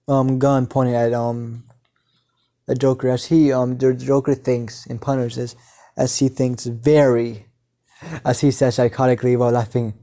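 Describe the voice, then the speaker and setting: A man improvising a fan story, narrating haltingly with many filler sounds. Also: mid-range voice, flat delivery, dark tone.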